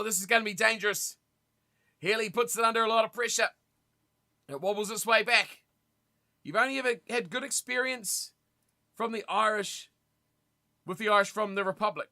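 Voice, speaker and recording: Give me a young man chatting over a rugby stream, high and very bright, with loud bursts at big plays. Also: vocal fry. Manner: chatty, reacts loudly to play, answers viewers. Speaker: streamer commentating a rugby watch party. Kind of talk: casual live commentary and chat.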